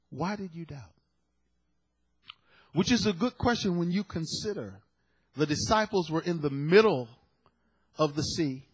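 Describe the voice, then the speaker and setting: A man's voice: high-pitched, animated, unhurried, long pauses, husky. A male preacher delivering a sermon, emphatic and dramatic, repeating key phrases for effect. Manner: dramatic storytelling with sudden loud peaks.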